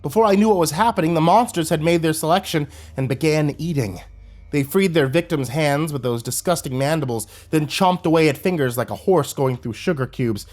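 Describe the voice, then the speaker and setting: A man narrating a horror story in a steady storytelling delivery. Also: a little high, a little fast.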